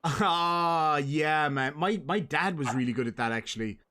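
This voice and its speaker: An Irish man hosting a casual livestream, chatting and reading out donations with quick laughs. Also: on the high side, a loud crowd. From Ireland. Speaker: host.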